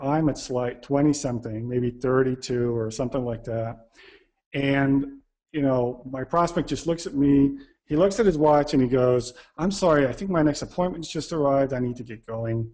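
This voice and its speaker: A man's voice: medium pitch, darkish tone. A man giving a talk, telling a self-deprecating story and acting out the quoted dialogue. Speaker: speaker.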